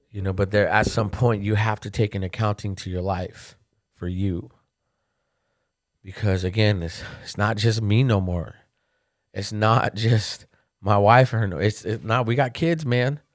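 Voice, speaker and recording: A middle-aged man hosting a podcast, telling personal stories in a candid, casual monologue and getting animated when he quotes others. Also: fairly low pitch, no room sound, studio quality. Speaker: podcast host.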